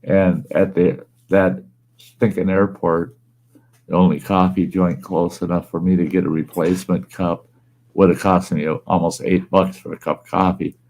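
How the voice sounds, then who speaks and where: Gravelly low-voiced man telling a folksy story. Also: flat delivery, moderate pace, a little mellow. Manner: folksy, rambling, plain-spoken. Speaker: storytelling show host. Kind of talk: casual spoken storytelling. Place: at home. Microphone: wearing earbuds.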